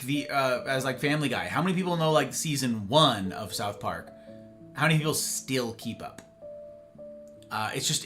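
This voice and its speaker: Bright, lively man chatting with stream viewers. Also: fairly high pitch. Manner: rambling, animated, acts out little dialogues. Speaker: livestream host. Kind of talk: casual chat with live viewers. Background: faint guitar music.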